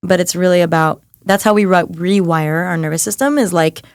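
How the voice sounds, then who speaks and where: A woman's voice: lowish voice, steady tone, fairly quick, clean tone, no room sound, clean studio sound. A young woman, a coach and guest on a podcast, talking casually and earnestly with many "like"s as she encourages listeners. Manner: chatty, fills with "like", earnest and encouraging. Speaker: guest, mindset and nervous system coach.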